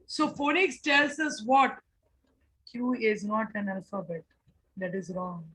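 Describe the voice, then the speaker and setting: A woman, teaching a phonics workshop, explaining slowly and repeating sounds. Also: mid-range voice, animated, a bit bright, husky, rough recording. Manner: slow, repetitive explaining with drawn-out sounds. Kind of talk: online phonics class for teachers.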